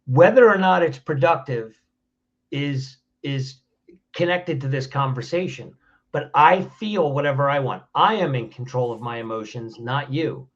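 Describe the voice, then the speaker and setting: A man's voice: medium pitch, a little slow, muffled recording. A man speaking as a podcast guest, giving conversational advice in a plainspoken way and often restarting his phrases. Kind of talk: conversational advice on handling anger.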